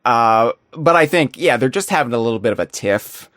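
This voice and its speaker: A man co-hosting a podcast in casual chat, talking in a rambling, animated way with many restarts. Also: mid-range voice, brisk, no echo, clean studio sound. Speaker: podcast co-host.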